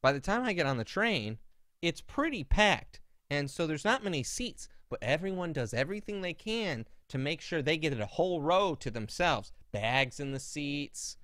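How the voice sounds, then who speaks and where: Animated man telling indignant stories. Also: a little high, moderate pace, no echo, clean studio sound. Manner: animated, indignant storyteller who acts out quotes. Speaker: podcast co-host. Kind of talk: casual chat, storytelling.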